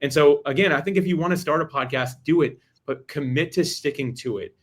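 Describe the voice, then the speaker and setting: A man talking as a podcast guest, giving energetic advice in a rapid, emphatic way with frequent restarts. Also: on the high side.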